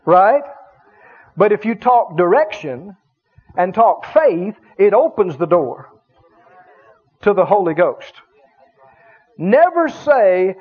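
In a dull, lo-fi sermon recording, a pastor preaches slowly in a high, sing-song, husky voice, pausing often. He leans hard on key words, drawing them out, and urges his congregation to answer back.

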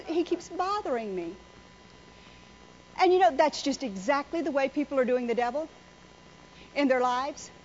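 A woman preacher delivering a folksy, joking sermon full of stories. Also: high voice. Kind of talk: sermon with storytelling. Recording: slightly muffled with faint noise.

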